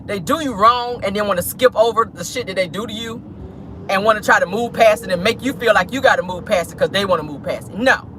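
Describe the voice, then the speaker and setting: A woman's voice: medium pitch, fast, a little hiss or hum, rough recording. A woman, chatting sassily and dramatically to viewers from a parked car. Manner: animated, sassy, dramatic, talks straight to viewers. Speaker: vlog host. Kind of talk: casual live-stream chat.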